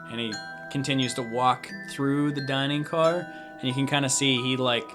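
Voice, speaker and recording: A young man narrates a tabletop game as game master. He describes each scene in a loose, rambling way, padding it with fillers. Clear music plays behind his voice. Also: mid-range voice, fairly even intonation, moderate pace.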